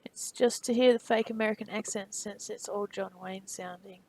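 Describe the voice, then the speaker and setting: A woman streaming live while 3D modeling, muttering quietly to herself, reading tool tips aloud and chatting loosely with viewers. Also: medium pitch, steady tone, normal speed, rough recording. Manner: chats loosely with viewers in between.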